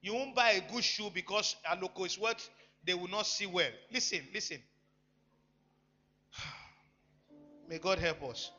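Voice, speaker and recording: A man preaching a sermon, emphatic, swinging between loud bursts and quiet asides. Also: high voice, measured pace, long pauses. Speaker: pastor. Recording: echoey hall, dull lo-fi sound, faint music.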